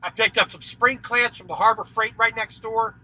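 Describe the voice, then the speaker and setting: A man's voice: high voice, fairly even intonation, normal speed, sharp tone, low-quality recording. A man who drives a truck, chatting casually on a livestream from his cab, rambling and repeating himself. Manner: rambling, scattered, repeats words, laughs easily. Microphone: headset.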